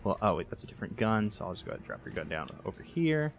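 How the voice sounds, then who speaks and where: Rambling, lively gaming commentator man. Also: on the low side, racing, gravelly. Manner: rambling, self-correcting, joking. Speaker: let's play host. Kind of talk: casual gameplay commentary.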